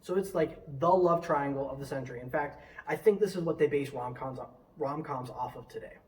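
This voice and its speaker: A man giving a casual youth sermon, conversational and animated, with quick asides. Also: fairly high pitch, recorded from a distance, low-quality recording.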